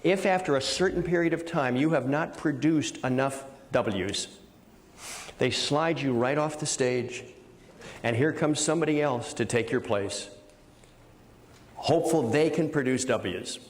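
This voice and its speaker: An older man on stage delivering a motivational keynote at a middle pitch. He tells stories with energy and drives his points home through repeated words. His delivery stays lively and direct. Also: unhurried, big-room sound. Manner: energetic storyteller with punchy repetition. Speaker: motivational speaker. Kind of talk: keynote speech.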